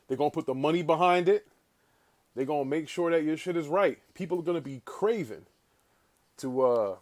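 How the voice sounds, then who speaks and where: Animated man hosting a livestream. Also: a little high. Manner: animated, swearing, talks to chat viewers. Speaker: livestream host. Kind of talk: casual livestream talk.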